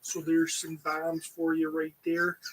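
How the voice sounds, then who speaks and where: A man's voice: on the high side, completely flat delivery, takes it slowly, fairly bright tone, low-quality recording. Joking male podcast co-host. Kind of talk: casual chat.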